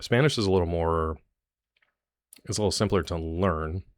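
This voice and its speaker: Deep-voiced chatty male streamer. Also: moderate pace, no room sound, studio quality. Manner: chatty, jokey, rambling asides to chat. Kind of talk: live stream chat with viewers.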